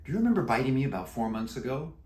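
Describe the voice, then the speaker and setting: A man voicing an eager, anxious middle-school boy in a storybook read-aloud, with his voice raised high. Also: rapid-fire, natural voice. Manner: excited, questioning, high-pitched boyish voice. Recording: echoey room.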